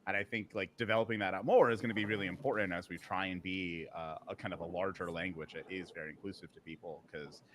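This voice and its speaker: A man's voice: low-pitched, fairly even intonation, quick pace, hardly any pauses, fairly bright tone, slight background noise. A man co-hosting a live podcast in casual chat, telling a long story with many fillers, restarts and a few laughs. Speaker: podcast co-host. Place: live podcast recording at a conference.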